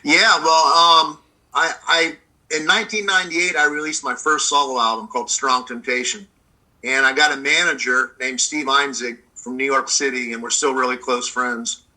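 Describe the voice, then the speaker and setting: Man from the States, bright and forceful timbre, rambling relaxed storyteller, video-call interview guest. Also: mid-range voice, normal speed, low-quality recording. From United States. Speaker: blues guitarist guest.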